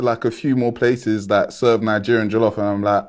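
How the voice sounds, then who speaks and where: A man's voice: on the low side, brisk, hardly any pauses, a little mellow. Man chatting casually about food. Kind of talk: casual chat.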